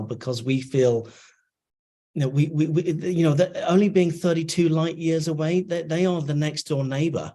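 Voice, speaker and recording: A man's voice: fairly high pitch, normal speed, dark tone. A man who channels messages in chanted syllables and then explains them in casual chat with many fillers. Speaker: channeler guest.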